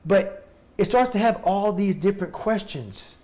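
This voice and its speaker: A man's voice: high voice, animated, unhurried, a little mellow. A man giving a blunt, intense motivational talk as an interview guest, swearing freely.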